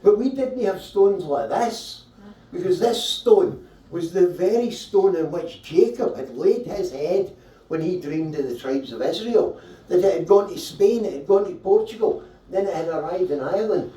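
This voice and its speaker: A man's voice: sits high, expressive, moderate pace, mellow, voice pushed up. A man playing a boastful ancient chieftain who tells a grand, long-winded tale, at a live comedy show. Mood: grandiose. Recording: roomy, distant mic at a live show.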